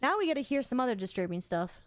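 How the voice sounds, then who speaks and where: A woman streamer chatting casually while reacting to a video, excitable and full of slang. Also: a little high, quick pace, dry recording. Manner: excitable, slangy, says "bro" a lot. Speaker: VTuber streamer.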